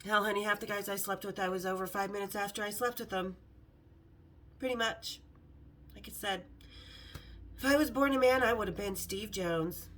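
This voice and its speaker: A woman's voice: medium pitch, fairly even intonation, normal speed, long pauses, fairly bright tone, a little hiss or hum. A middle-aged woman hosting a vlog, telling brash, sarcastic stories in a casual, swearing way. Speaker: vlog host. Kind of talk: casual storytelling to camera.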